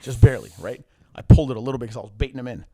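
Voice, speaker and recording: A man from Michigan, a former pro boxer, telling his story as a podcast guest in a lively, profane way and acting out what others said. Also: mid-range voice, racing, dry recording, clean studio sound. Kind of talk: casual storytelling.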